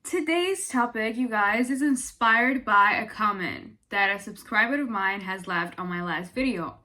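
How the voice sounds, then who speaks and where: A young woman from Italy talking casually to her viewers as a vlogger, expressive and chatty with lots of fillers. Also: medium pitch, a little slow. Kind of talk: casual chat to camera.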